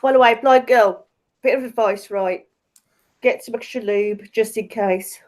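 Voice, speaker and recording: Joking woman guest with crude humor, high voice, chatting on a call. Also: a little slow, darkish tone. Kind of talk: casual live-stream chat.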